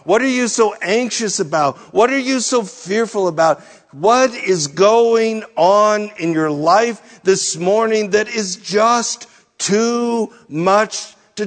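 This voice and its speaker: Slow, deliberate man preaching in a hall. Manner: rhetorical, repeated searching questions, trailing off low at phrase ends. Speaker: pastor. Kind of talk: sermon.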